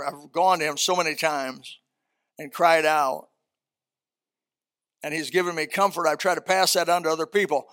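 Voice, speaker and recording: An older male pastor with a high-pitched, sharp voice delivers a sermon to his congregation. He reads scripture slowly, then slips into folksy stories, keeping his speech plain and conversational between the readings.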